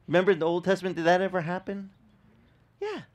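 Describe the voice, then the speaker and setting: A man, a pastor, giving a conversational sermon, animated and quizzing the congregation, often repeating words as he restarts. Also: sits high, fast talker. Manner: animated, asks the congregation questions.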